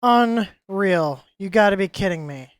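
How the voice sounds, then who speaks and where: A woman's voice: mid-range voice, normal speed, no echo. A woman hosting a live stream, chatting casually and ranting in exasperation, often stumbling and repeating words.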